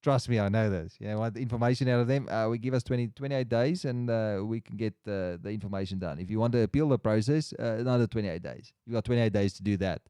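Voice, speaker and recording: A man's voice: on the low side, quick pace, hardly any pauses, mellow, clear, resonant tone, no room sound, clean studio sound. A man hosting a casual livestream chat, rambling and restarting his sentences as he reads the chat aloud. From Australia. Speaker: livestream host.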